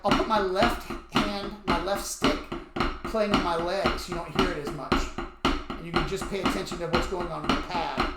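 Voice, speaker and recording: In this drum lesson, a man explains the technique while playing and calling out strokes and counts. His voice sits high and his pace is moderate, with heavy background noise, a roomy echo, and loud stick clicks on a practice pad.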